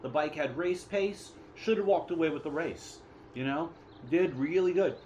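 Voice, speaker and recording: A man's voice: a little high, normal speed, a little mellow, a little hiss or hum. A man co-hosting a podcast in casual chat, arguing his point and repeating himself, with jokey asides. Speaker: podcast co-host. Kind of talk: casual chat about motorcycle racing.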